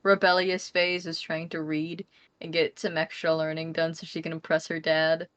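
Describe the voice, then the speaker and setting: A young woman with a slightly low voice, chatting as a player in a tabletop game. She tells things in an animated way and teases the others freely. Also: normal speed, smooth. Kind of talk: casual chat during a tabletop game.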